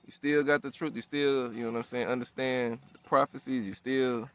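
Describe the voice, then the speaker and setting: Slangy preacher man, mid-pitched. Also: steady tone, moderate pace, clear, resonant tone. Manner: slangy, profane, repeats "all right?" and "you know what I'm saying?". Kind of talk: casual street-style sermon.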